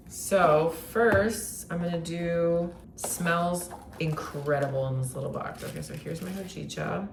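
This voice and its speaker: Low-voiced woman rambling in a vlog. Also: unhurried, vocal fry, few pauses, heavy background noise. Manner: casual, rambling, swears often. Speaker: vlogger, identity coach. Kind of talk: day-in-my-life vlog chat. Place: home kitchen, indoors.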